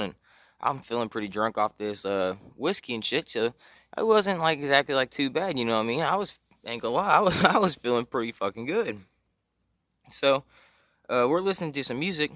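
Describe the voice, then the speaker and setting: A young man tells a casual story, rambling with slang, fillers and heavy cursing. His voice has a middle pitch. The sound is dry and close, with no room echo. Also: fairly bright tone. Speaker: storytime vlogger.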